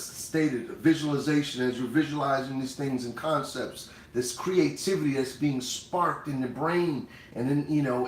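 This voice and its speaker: A man hosts a cooking livestream in a relaxed, chatty way and speaks straight to the people watching. His voice sits at an everyday middle pitch. The room around him rings with a roomy echo. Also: slight background noise. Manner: conversational, addresses viewers directly. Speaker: cooking show host. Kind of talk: casual livestream talk.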